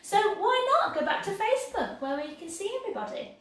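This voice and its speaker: Brief: cheerful English woman, high voice, baking livestream host, far from laptop mic, faint room noise. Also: big pitch swings, a little fast, fairly bright tone, very echoey. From England. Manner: bubbly, chatty, self-mocking. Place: home kitchen. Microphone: laptop mic from across the room.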